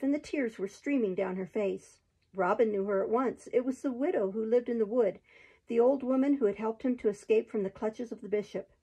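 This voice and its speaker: A woman hosting her own show, reading a storybook aloud in a steady, even narration. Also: on the high side, slightly rough, low-quality recording.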